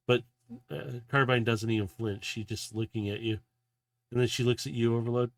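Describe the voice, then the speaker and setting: A man's voice: on the low side, fairly even intonation, normal speed, dry recording. A man narrating a tabletop role-playing game as game master, in a loose, casual way full of filler words.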